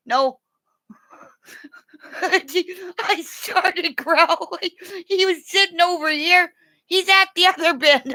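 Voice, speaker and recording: This foul-mouthed livestream host giggles through a casual, rambling chat with viewers, tucked in bed at home with her dog. Her bright voice sits extremely high, and she teases her audience with affection.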